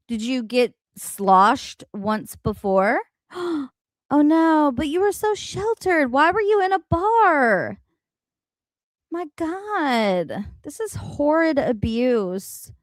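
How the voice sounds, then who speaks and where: A woman hosts a reaction livestream in a blunt, foul-mouthed way. She talks slowly but her pitch swings widely. Her voice is dry and close, caught on a home streaming mic. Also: no room sound. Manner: animated, blunt and profane. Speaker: livestream host.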